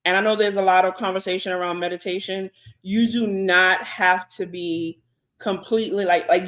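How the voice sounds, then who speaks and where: A woman, co-hosting a podcast in relaxed, chatty talk full of fillers and asides. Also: medium pitch. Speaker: podcast co-host. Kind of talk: casual podcast chat.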